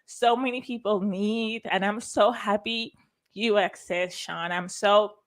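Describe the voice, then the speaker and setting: A woman speaks at a conference she organized, her voice sitting at an ordinary middle pitch. She talks with open, effusive emotion, often restarting her sentences as her feelings catch up with her. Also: steady tone, unhurried. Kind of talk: heartfelt conference talk.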